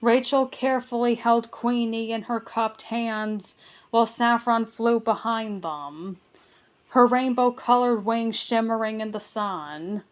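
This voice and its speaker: A woman reading a children's book aloud, careful and steady, with small stumbles and restarts. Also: on the high side, slow pace. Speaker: storybook reader.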